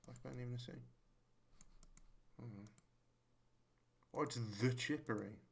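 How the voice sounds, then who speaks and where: A man's voice: medium pitch, normal speed, gravelly, breathy edge. A man giving casual, jokey commentary while playing a game, swearing and muttering to himself. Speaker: gaming creator.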